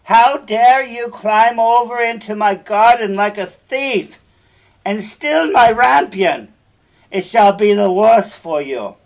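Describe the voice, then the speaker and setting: A man voicing an angry, imperious old female witch who scolds loudly in a storybook reading. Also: lively intonation, slow pace, exaggerated voice. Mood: furious. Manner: loud, shrill scolding.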